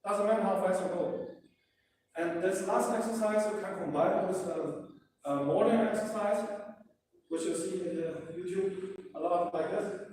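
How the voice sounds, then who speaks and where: Guy coaching a kung fu class, english, high-ish voice, mic far away, faint hiss behind. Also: darkish tone, heavy reverb, long reverb tail. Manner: broken English, counting and coaching, frequent okay and right. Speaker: martial arts instructor. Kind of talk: live-streamed class instruction. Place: training hall of a martial arts school.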